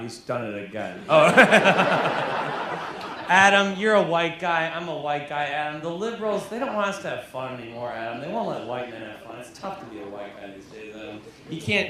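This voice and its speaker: A young man doing stand-up in a comedy club, drunk and deadpan, with mock-earnest asides to the crowd. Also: a little high. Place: comedy club stage, audience laughing. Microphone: handheld stage mic. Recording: echoey live club recording, crowd noise.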